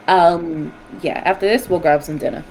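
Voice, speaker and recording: A woman's voice: on the low side, darkish tone, a little hiss or hum, rough recording. A woman chatting casually as a player in a tabletop game, laughing often.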